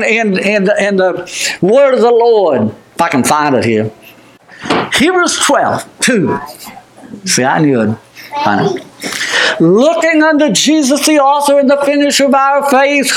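A man preaching a sermon, shouting out some lines and dropping low on others, repeating himself while he looks up scripture. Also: poor audio. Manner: emphatic, swings between shouting and hushed tones; repeats words, fumbles while looking up scripture.

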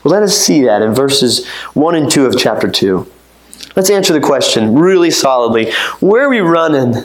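A man preaching a sermon, swinging from low, measured teaching to high, urgent pleading. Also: very animated. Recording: roomy echo.

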